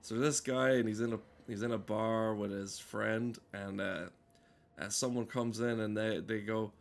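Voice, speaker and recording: A man's voice: on the low side, fairly even intonation, unhurried, creaky. Rambling, swearing man gaming. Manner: rambling, crude, self-mocking, many fillers. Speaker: let's play gamer. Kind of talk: casual game commentary.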